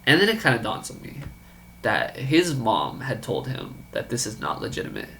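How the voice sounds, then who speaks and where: A man telling a story about a friend's business pitch in a casual, incredulous way, acting out the dialogue. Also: wildly swooping pitch, moderate pace, creaky, bright, forceful tone, a little hiss or hum. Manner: incredulous, quoting others in dialogue.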